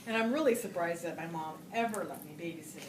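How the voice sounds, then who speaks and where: A woman's voice: on the low side, fast, distant mic, over a noisy crowd. A woman giving a storytelling speech at a Toastmasters meeting, acting out voices and laughing often. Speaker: Toastmasters speaker. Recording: roomy hall recorded from afar with noise.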